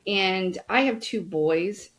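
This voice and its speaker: Middle-aged woman host for an unboxing chat: unhurried, chatty, talks straight to viewers. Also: medium pitch, low-quality recording. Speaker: host reviewing products.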